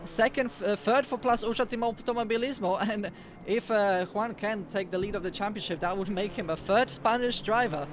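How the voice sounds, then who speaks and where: A man with a high voice co-commentates a virtual motor race live, steady and analytical as he tracks positions. Faint noise hums behind him. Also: moderate pace. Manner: steady analytical, opens turns with "indeed". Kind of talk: live sim racing commentary.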